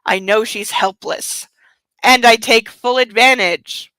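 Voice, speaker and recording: A woman's voice: fairly high pitch, slow pace, sharp tone, clean tone, no echo, poor audio. A woman reading a novel aloud and breaking off into indignant, sarcastic commentary with blunt swearing. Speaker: book club reader and commentator.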